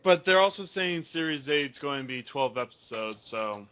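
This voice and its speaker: A man in a casual chat, hesitant and excitable, swearing now and then. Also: mid-range voice, normal speed, clean tone.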